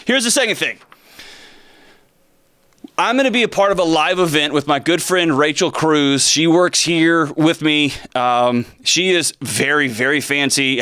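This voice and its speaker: Lively, joking male talk show host. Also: on the high side, smooth. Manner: animated, joking, sarcastic asides. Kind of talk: energetic talk show monologue. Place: studio. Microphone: close studio mic.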